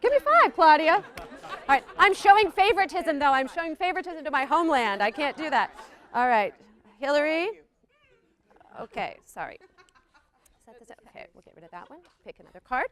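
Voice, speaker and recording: A woman's voice: high-pitched, expressive, fairly quick, a bit bright. A woman hosting a live word game in a performance hall, bubbly and laughing often, cheering her contestants. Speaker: host. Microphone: handheld microphone.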